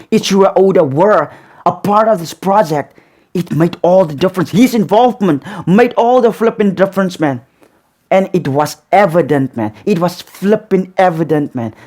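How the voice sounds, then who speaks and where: A man's voice: sits high, moderate pace. A man hosting a reaction video who reviews in casual, rambling talk, ending nearly every phrase with "man" and filling gaps with "um". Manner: says "man" after almost every phrase, many "um"s and restarts; excited and emphatic when praising, flatter and quieter when criticizing.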